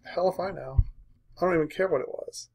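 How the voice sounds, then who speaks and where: A man's voice: sits high, fairly quick, vocal fry, darkish tone, husky. A man coaching a live trading room, walking through a chart in short punchy phrases and checking in with "right?" after each point. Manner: walks through a chart aloud.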